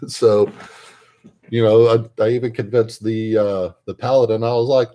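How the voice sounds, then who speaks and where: A man's voice: on the low side, fairly even intonation, unhurried, mellow. A man telling a rambling, self-interrupting tabletop gaming story in a casual way while painting at his hobby desk. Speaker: miniature painter and tabletop gamer.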